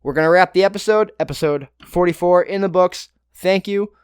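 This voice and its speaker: A young man talks through fight results on his solo podcast, loose and profane, tossing in joking asides. His voice sits a touch high for a man. The sound is dry and close, with no room behind it. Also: brisk, smooth, no echo. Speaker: podcast host. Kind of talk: casual solo fight breakdown.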